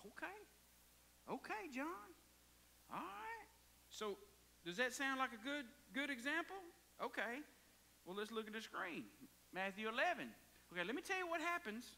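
A pastor preaching a sermon, dropping to hushed whispers and rising to hollers. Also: male voice, very high-pitched, animated, a little fast, long reverb tail.

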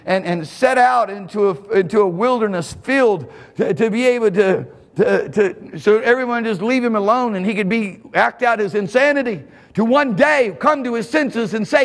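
Preaching with fervor during a church service, a man lurches between abrupt shouting and hushed, low tones, chuckling between lines. The sound carries the feel of a big room.

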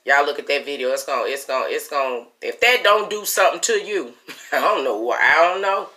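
Woman vlogger, bright voice, casual religious talk, emphatic, repetitive, laughs often. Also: deep voice, lively intonation, fairly quick. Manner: emphatic, repeats herself, calls viewers "honey" and "y'all"; laughs often while talking.

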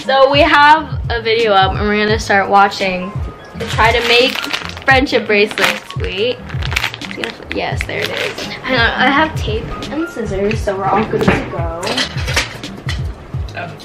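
A young woman speaks slowly with a lively, swinging pitch as she chats with a friend and laughs along. Music plays loudly behind her. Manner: laughing, relaxed. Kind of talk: casual chat.

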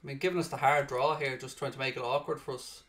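A man hosting and commentating on his own football video game, excitable and swearing loudly in frustrated outbursts, sounding tired. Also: mid-range voice, fast talker. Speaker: gaming streamer and host. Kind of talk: live gaming commentary.

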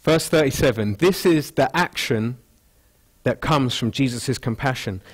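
A man preaching to his congregation in a relaxed, conversational way. He slips into little voices for people's thoughts, then drops back to plain teaching. His mid-pitched voice carries through the church speakers from a wireless mic. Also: unhurried, slightly rough. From England. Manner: conversational, acts out quoted thoughts. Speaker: pastor. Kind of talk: expository sermon. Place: church hall.

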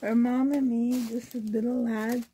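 A Canadian woman chatting slowly to her camera as she unwraps presents, exclaiming softly over each one. Her voice is a little high, husky and mellow, and it sounds tired and strained. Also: level tone. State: sore back, voice strained. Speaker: reborn doll vlogger. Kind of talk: casual unboxing chat to camera.

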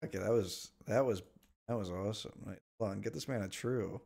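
A man streaming a strategy game, complaining in exasperated, whiny outbursts and sometimes shouting at the screen. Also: on the low side, fairly quick, vocal fry. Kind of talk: live gameplay commentary.

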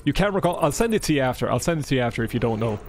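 A male streamer in a mid-pitched voice rambles through live gameplay commentary, chatty and loose, swearing and joking with his chat. Game music plays faintly underneath. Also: big pitch swings, racing, darkish tone.

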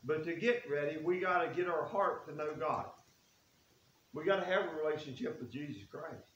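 An earnest male preacher, talking in a folksy way and reading scripture between his own remarks. His voice sits a little high. The sound carries the echo of a church room over a faint hiss. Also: moderate pace, a bit bright, lo-fi sound. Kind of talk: sermon.

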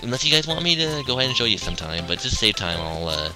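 A man's voice: mid-range voice, rapid-fire. Man rambling over game music. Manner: relaxed, rambling, chuckling. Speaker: let's play narrator. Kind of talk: casual gameplay commentary.

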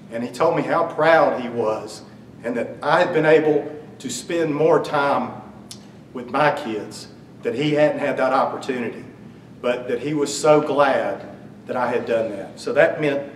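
A man eulogizes someone with warm, funny stories, bantering with those gathered in a memorial service hall. His voice sits in the mid range. The sound is far-off and echoey, with a low hum.

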